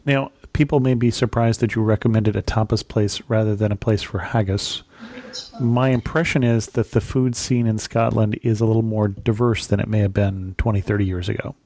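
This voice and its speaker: A man hosting a podcast interview, asking questions in a measured, inquisitive way. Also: fairly low pitch, steady tone, darkish tone. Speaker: podcast host. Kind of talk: casual interview chat.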